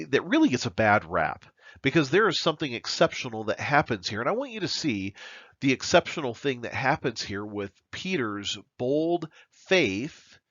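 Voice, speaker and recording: A man preaching a verse-by-verse sermon, earnest and emphatic, with dramatic pauses. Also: medium pitch, a bit bright, no room sound, muffled recording. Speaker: pastor.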